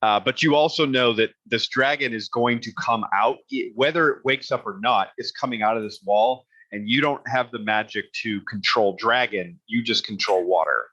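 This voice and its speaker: A man narrating as game master in a casual, halting way with many fillers and restarts. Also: medium pitch, sharp tone, no room sound, muffled recording.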